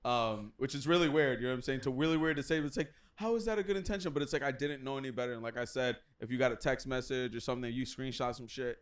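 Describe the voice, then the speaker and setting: A man's voice: medium pitch, very fast, few pauses. A man in his thirties talking loosely and confessionally as a co-host of a casual comedy podcast, full of "you know what I'm saying.". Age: 30s.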